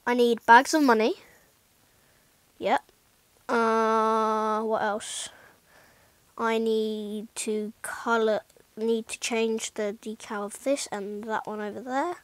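A woman with a fairly high voice, talking slowly through casual gameplay commentary. She rambles and pokes fun at herself, dropping into muttered whispers between louder remarks. The sound is close and dry. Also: fairly even intonation, no room sound, low-quality recording. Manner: rambling, self-mocking, drops into muttered whispered asides. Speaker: gaming YouTuber.

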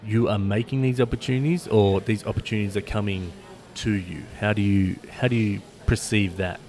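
A man with an Australian accent hosting a casual podcast interview, chatty and telling animated stories. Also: fairly low pitch, a little fast. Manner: chatty, swearing, animated storytelling. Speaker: podcast host.

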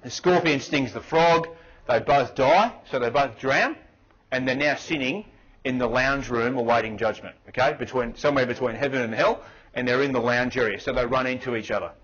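An Australian man speaks at a conference in a loose, conversational way and often asks the audience questions. His voice has a husky edge and sits at a middle pitch. The recording sounds dull and muffled. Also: normal speed, a bit bright. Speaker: conference presenter. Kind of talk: motivational business talk. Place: conference room.

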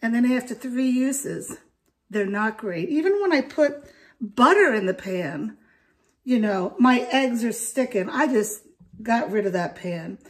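An older woman chatting to camera in her home kitchen, rambling and lively as she cooks. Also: fairly high pitch, a little slow, far from the mic. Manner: chatty, rambling, talks to camera while cooking. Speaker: home cook vlogger. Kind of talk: casual cooking vlog.

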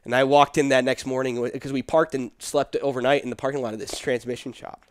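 A man's voice: medium pitch, level tone, fast talker, hardly any pauses, smooth, dry recording, studio quality. A young man, a pastor, telling a personal story in casual conversation, acting out the dialogue and laughing often.

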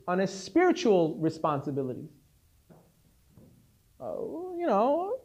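A man teaching as a rabbi, telling a story in a conversational, animated way. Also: high voice. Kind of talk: Torah class storytelling.

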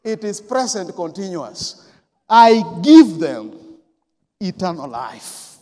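A pastor with a strikingly high voice preaches slowly and deliberately, leaning hard on repeated words. He drops to a hush, then rises to loud stressed lines. His voice rings with the long reverb of a large church hall. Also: very animated. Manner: emphatic, repeats key words, swings from quiet to loud. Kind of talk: sermon.

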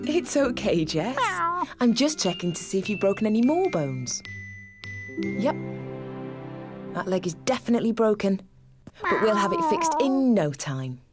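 A woman voicing a calm, caring cartoon vet who talks soothingly to an injured dog, over loud music. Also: mid-range voice, unhurried, pauses often. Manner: soothing, reassuring.

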